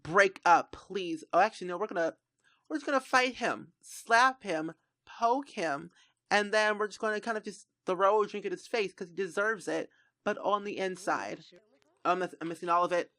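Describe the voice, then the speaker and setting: A woman streamer narrates a life-sim playthrough in a bright, clear voice. She talks straight to the characters on screen, exasperated and animated, and acts out their drama. The sound is close and dry, with no room around it. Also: mid-range voice, normal speed, no echo. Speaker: gaming streamer. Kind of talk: let's play commentary.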